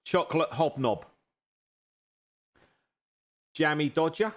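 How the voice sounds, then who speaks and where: A man's voice: a little high, expressive, moderate pace. A man streaming a racing game, chatting with his viewers in a jokey, teasing way and thanking them as he goes. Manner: jokey, teasing banter, grateful to chat. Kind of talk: live-stream chat with viewers while racing. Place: home sim racing rig.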